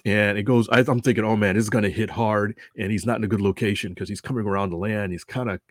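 A man's voice: fairly low pitch, fairly even intonation, fast talker, no room sound, clean studio sound. Man telling a rambling story. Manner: rambling, self-correcting, chuckling. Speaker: announcer at a model airplane show. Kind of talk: casual storytelling.

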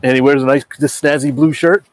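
A man's voice: mid-range voice, fairly even intonation, fairly quick, dry recording. A man hosting a casual chat, rambling with many fillers. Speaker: podcast host.

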